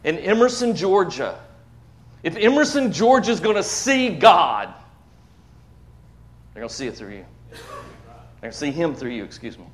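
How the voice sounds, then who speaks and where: A man preaching a sermon to his church, emphatic, swinging between loud declarations and hushed asides, often repeating words. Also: on the high side, sing-song, moderate pace, pauses often. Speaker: pastor. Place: church sanctuary.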